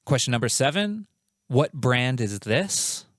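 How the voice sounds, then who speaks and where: A man's voice: mid-range voice, big pitch swings, unhurried, fairly bright tone, dry recording, studio quality. A man hosting a comedic quiz show, reading out questions and answers in a playful, jokey, self-mocking way.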